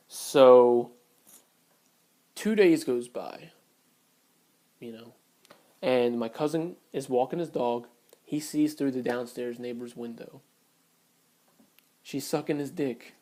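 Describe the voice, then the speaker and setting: A man's voice: medium pitch, darkish tone. A man telling a personal story on camera in a blunt, profane, heated way. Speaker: vlogger. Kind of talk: casual storytelling rant.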